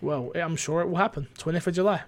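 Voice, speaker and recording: A man's voice: a little high, fast talker. A young man co-hosting a casual gaming news chat, reading out stories with frequent stumbles and a playful, rambling manner.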